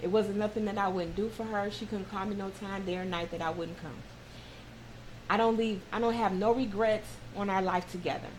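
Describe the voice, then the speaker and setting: A woman's voice: mid-range voice, fairly even intonation, brisk, a little hiss or hum, rough recording. Female talk show host, sincere motivational speaker sharing personal stories, mid-range voice. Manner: heartfelt, encouraging, personal storytelling.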